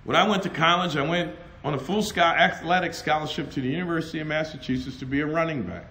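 Speaking fast with a voice on the high side, a middle-aged man delivers a conference sermon in a conference hall. He tells personal stories animatedly, laughing and acting out the dialogue.

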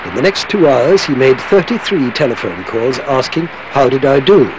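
A man narrates a documentary with a mid-range voice and lively pitch movement. The read is measured, with a faint background hiss. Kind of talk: scripted narration.

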